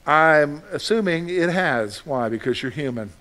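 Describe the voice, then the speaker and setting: A male pastor preaching a sermon, animated, with frequent rhetorical questions to his listeners. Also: a little high, a little slow.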